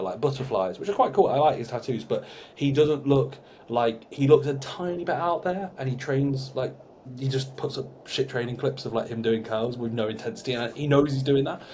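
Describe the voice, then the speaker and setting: Young man, casual podcast chat, animated, swears, faint hiss. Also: mid-range voice, brisk. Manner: chatty, swearing, animated storytelling. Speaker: podcast co-host.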